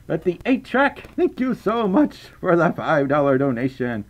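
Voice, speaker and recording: Southern man, streamer, casual chat, stammers and repeats words, laughs a lot, lively swooping pitch, slightly high voice. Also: moderate pace, lo-fi sound. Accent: Southern US, softened. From Southern United States. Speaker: live streamer reading donations.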